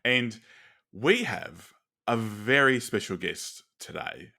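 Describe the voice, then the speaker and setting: A man's voice: medium pitch, expressive, slow pace, vocal fry, sharp tone. A man hosting a podcast and chatting in a rambling, friendly way. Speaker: podcast host. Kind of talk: casual podcast chat.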